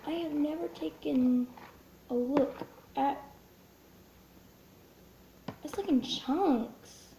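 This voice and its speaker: A woman's voice: sits high, extremely slow, creaky, long pauses. A young woman chatting nervously while making slime for her vlog, sometimes dropping to a whisper. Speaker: vlogger. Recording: echoey room with faint noise.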